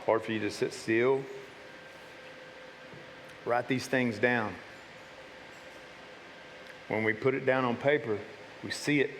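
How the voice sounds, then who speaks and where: Taking it slowly and pausing often, a male pastor gives a casual, conversational sermon to his church, with frequent repeats and restarts. His mid-range voice is a bit bright with fairly even intonation, and the sanctuary recording has long hall reverb and slight background noise.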